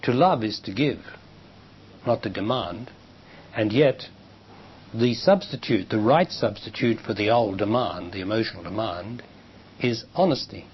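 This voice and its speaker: Man giving a measured spiritual talk. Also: fairly low pitch, expressive. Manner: measured, emphatic, rises sharply when quoting others. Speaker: spiritual teacher. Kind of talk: public talk answering questions. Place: lecture hall with audience. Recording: dull lo-fi 1990s recording with faint hiss.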